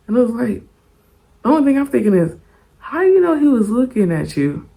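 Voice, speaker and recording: A young woman telling a story in a casual storytime vlog, animated and profane, laughing often. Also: on the high side, fairly quick, gravelly.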